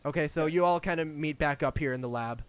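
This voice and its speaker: A man's voice: fairly high pitch, fast talker, clean tone. A man running a tabletop game as game master, narrating casually with restarts and spoken sound effects.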